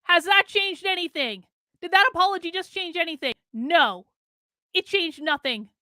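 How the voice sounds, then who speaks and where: Woman host ranting over a podcast clip, high bright voice, dry sound. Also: animated, normal speed, dry recording. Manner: exasperated, swearing, ranting. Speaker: commentator reacting to a podcast. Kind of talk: reaction commentary.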